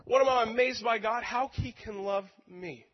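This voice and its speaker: A high-voiced man preaches at a normal speed and shares a personal story, earnest and emotional, with touches of self-deprecating humor. A long hall echo rings around his words, and the audio is dull and lo-fi.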